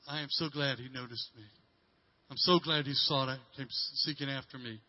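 A middle-aged male pastor telling a story in a sermon, halting and repeating words, dropping from loud to hushed. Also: mid-range voice, fairly even intonation, muffled recording.

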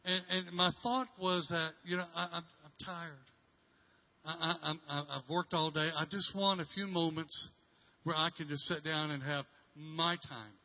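A middle-aged pastor with a slightly high, steady voice tells a story in his sermon, stumbling through halting restarts and repeated words. He moves between loud emphasis and a hushed near-whisper, and the recording is dull and lo-fi.

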